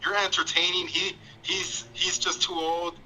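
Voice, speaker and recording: A man's voice: sits high, little pitch movement, unhurried, crowd noise, poor audio. A man calling in to a livestream, speaking bluntly and agreeably. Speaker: caller. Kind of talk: casual call-in chat.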